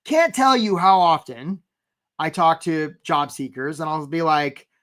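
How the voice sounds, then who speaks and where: A man coaching job seekers in a live webinar, animated and talking straight to viewers by name, acting out little scenes in quoted voices. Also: a little high, measured pace. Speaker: career coach.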